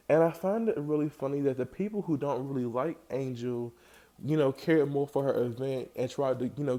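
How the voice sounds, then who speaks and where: A man giving a casual, animated recap of a reality TV episode, jumping into high voices to act out what the cast said. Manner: animated, acts out quoted lines in raised voice. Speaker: reality TV reviewer.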